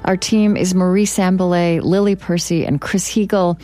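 A woman's voice: fairly low pitch, fairly even intonation, normal speed, warm tone, soft background music. A woman hosting a podcast, probing and paraphrasing her guests, also reading the closing credits. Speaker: podcast host. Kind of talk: interview and scripted credits.

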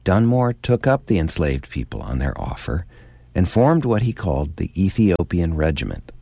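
A man hosting a radio history documentary, giving measured, scripted narration. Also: low voice, sing-song, vocal fry, mellow, slightly rough, no room sound.

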